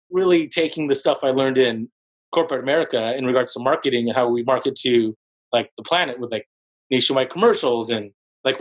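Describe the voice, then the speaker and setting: A man in his forties, a podcast guest, telling his story in an animated, casual way with many fillers like "like". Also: low-quality recording. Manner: animated storyteller, heavy use of "like", jumps into higher voices for quotes. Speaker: podcast guest, real estate broker.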